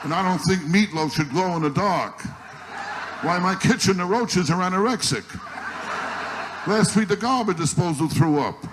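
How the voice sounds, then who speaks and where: Performing stand-up before a crowd, a man with a high, expressive voice delivers complaining one-liners at an ordinary pace, clearly fed up. It comes from a noisy old live recording.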